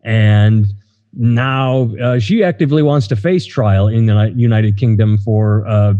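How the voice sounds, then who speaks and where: A man's voice: fairly low pitch, unhurried, mellow. Man, middle-aged, podcast host, rambling, hesitant, lo-fi, reverberant room. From United States. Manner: rambling, hesitant, many fillers. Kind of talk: casual podcast chat.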